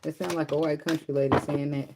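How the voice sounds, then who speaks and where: A woman's voice: low-pitched, flat delivery, fast talker, heavy background noise. Profane, joking woman tarot reader. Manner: profane, joking, sings along softly between readings. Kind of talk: casual tarot reading with singing along.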